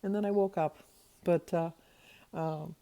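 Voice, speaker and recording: A chatty older woman rambles through her day in a casual vlog, her voice sitting low and sounding mellow. The recording is dry and close to the mic. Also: fairly even intonation, unhurried, vocal fry, no echo. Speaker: vlogger.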